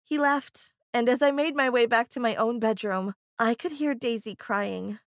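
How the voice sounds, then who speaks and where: A woman's voice: fairly high pitch, normal speed, dry recording, studio quality. A woman reading a scripted first-person story in an emotive, confessional way.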